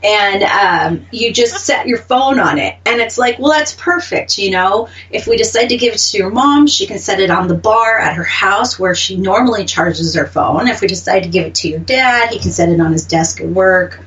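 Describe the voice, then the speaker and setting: A woman's voice: mid-range voice, animated, moderate pace, few pauses, a bit bright, recorded from a distance. A woman with an Oklahoma accent co-hosting a radio show, chatting casually and laughing often. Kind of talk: casual chat.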